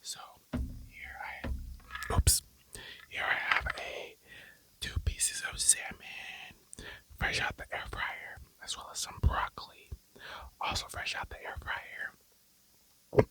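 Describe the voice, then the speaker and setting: A young adult of about twenty talking in a breathy whisper through a mukbang ASMR video, casual and blunt, swearing and rambling between bites. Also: slow, long pauses, bright, forceful tone, poor audio. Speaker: mukbang vlogger.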